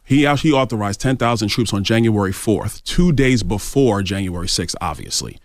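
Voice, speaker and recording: A man with a fairly low voice, answering interview questions assertively and pushing back on each point. The recording is dry and close. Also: moderate pace, no echo. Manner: assertive, argumentative. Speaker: congressman guest. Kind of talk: radio interview.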